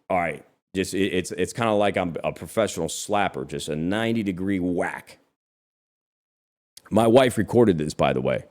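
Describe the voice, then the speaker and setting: A man in his thirties hosting a show, telling a story in a casual chat, animated and profane, calling listeners bro. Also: low voice. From lives in Texas. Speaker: podcast host.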